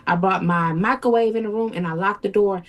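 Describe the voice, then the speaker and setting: A woman of middle pitch tells a painful personal story to an interviewer. She speaks in a halting, emotional way and voices the quoted lines of the people involved as she goes. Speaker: interview guest.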